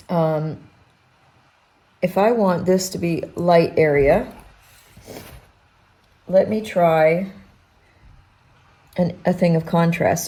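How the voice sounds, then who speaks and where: Low, mellow-voiced woman teaching pastels. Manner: relaxed, thinking aloud, halting with restarts. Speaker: art teacher demonstrating pastel painting. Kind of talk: unscripted painting demonstration.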